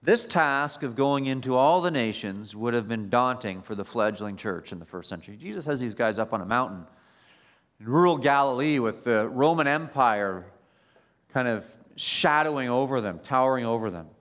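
A man giving a sermon as pastor, moving between quiet reflection and raised, emphatic preaching. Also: mid-range voice, animated, normal speed.

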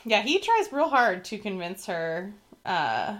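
Woman, podcast co-host, casual recap chat, thoughtful, expressive pitch. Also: takes it slowly.

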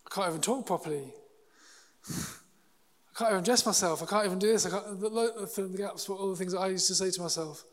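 Guy giving a sermon, higher voice, earnest and halting, big church-hall reverb. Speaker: preacher.

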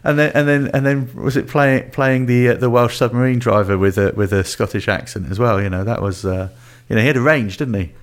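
A man's voice: mid-range voice, fairly quick, few pauses. A man hosting a podcast film chat, easygoing and adding facts as he goes. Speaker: podcast host.

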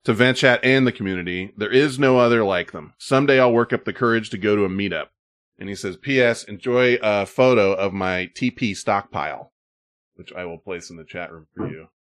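A man's voice: fairly low pitch, fairly quick, fairly bright tone. A man hosting a casual podcast, joking with co-hosts and reading listener emails aloud. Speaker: podcast host.

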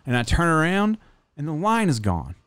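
A man telling a story in a casual chat, swearing freely and animated. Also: on the high side, moderate pace, smooth, no room sound.

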